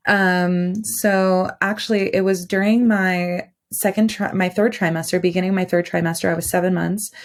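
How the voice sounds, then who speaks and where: A woman's voice: fairly low pitch, fairly even intonation, normal speed, hardly any pauses. A woman guest on a podcast, telling a personal story in a rambling, casual way, full of fillers and restarts.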